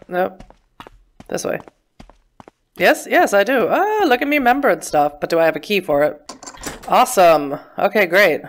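A woman's voice: sits low, gravelly. A woman giving casual gameplay commentary, chatty and self-mocking, talking back to the game character. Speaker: let's play gamer.

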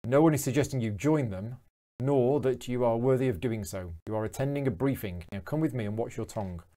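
A man's voice: mid-range voice, a little fast, warm tone, close to an everyday voice. A man voicing a stern, cold and formal wealthy father from a game, in clipped commanding sentences.

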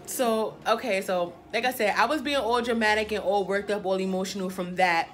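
A young woman in her twenties spins a storytime for her viewers in a loose, chatty way. She tells it dramatically, padding it with filler phrases, in a voice of ordinary middle pitch. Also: fast talker, hardly any pauses, over music. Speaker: vlogger. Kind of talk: casual storytime chat.

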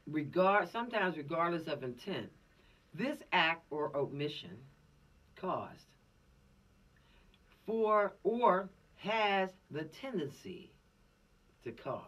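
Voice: mid-range voice, sing-song, takes it slowly, pauses often, a bit bright, recorded from a distance. A law course instructor giving an informal, preachy lecture with streetwise slang.

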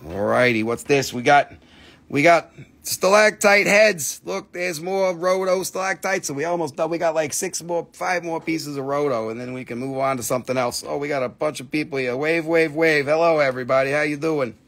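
A man's voice: on the high side, normal speed, a bit bright. A man hosting a live stream where he sells minerals, with playful, jokey, auctioneer-like patter.

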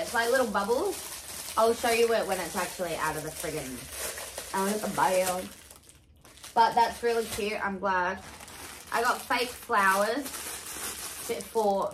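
A young woman in her twenties chatting casually through a haul unboxing, excitable, exclaiming and swearing freely. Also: medium pitch, normal speed. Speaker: vlogger. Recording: echoey room with faint hiss.

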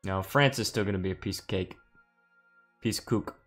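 A man's voice: on the low side, moderate pace, fairly bright tone. Male game streamer, casual and giggly, reads chat aloud, faint music under.

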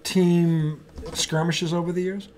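A man's voice: on the high side, level tone, slow pace, crowd noise. A man co-hosting a casual sports talk show, emphatic and profane, laughing often as he riffs. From United States. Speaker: co-host.

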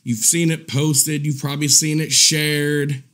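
A man hosting a profane live commentary stream, mocking and crude, laughing at his own jabs and swinging between low muttering and loud indignant rants. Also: level tone, a little slow.

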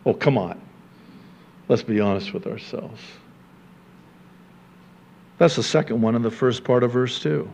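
Speaking a little slowly in a creaky voice with long pauses, a male pastor alternates between booming, high emphasis and hushed, low asides in his sermon, sharing conversational chuckles with his congregation.

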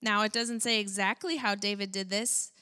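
A woman preaching a conversational, animated sermon in a church, with casual fillers. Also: medium pitch, normal speed.

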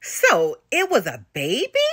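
A woman voicing the Gold Avenger, an excitable young male hero, in a storybook read-aloud who talks in high, quick, startled bursts. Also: breathy edge, exaggerated voice. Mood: astonished.

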